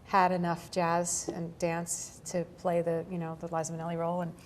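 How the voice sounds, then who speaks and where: A woman in her forties, an actor giving an interview, telling stories in an animated way with lots of fillers and laughs. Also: fairly low pitch, moderate pace, slight background noise. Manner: animated storytelling, laughs often, many fillers. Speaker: actor guest. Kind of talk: casual interview chat.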